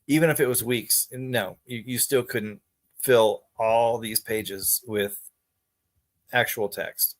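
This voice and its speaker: A man vlogging straight to his viewers in a loose, rambling monologue. He sounds exasperated and conspiratorial, and he keeps circling back over his own sentences. His voice sits at an ordinary middle pitch. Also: steady tone, slow. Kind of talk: casual monologue to camera.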